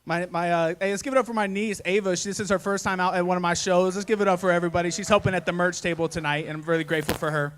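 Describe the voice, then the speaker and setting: A man's voice: high voice, steady tone, rapid-fire, hardly any pauses, a bit bright, clean tone. A man in his thirties doing live stand-up comedy, telling family stories in a folksy, self-mocking way full of "y'all" and "man.". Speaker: stand-up comedian and podcast host. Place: live comedy show before an audience.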